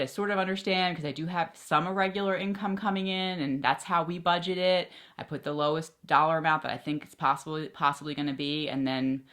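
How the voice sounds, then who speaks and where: A woman giving chatty, excitable budgeting advice straight to her viewers as a personal finance vlogger. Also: low-pitched. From Philadelphia area. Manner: chatty, excitable, quick asides. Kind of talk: casual talk to camera.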